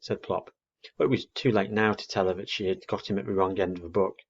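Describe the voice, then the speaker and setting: A man reading a children's book aloud in an expressive way. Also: sits low, a little fast, husky. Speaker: storyteller. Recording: dull muffled recording.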